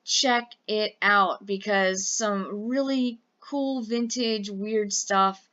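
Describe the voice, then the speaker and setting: Bright-voiced chatty woman reseller vlogger. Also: mid-range voice, drawn-out words, dull audio. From Louisiana, US. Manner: rambling, chatty, lots of ums and likes. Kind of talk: casual chat.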